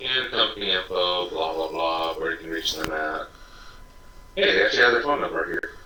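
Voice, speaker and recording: American male co-host, low voice, bright tone, laid-back, echoey distant mic. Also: expressive, normal speed, a little hiss or hum. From United States. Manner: laid-back, reads web info aloud with dry asides. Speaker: podcast co-host. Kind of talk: casual chat.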